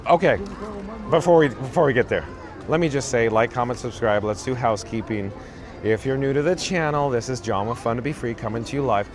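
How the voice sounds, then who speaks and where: With music playing in the background, a live-stream vlogger with a mid-range voice talks a little fast while walking a theme park parade route with his phone in hand. He hosts his channel by rambling across tangents and reading out what viewers comment.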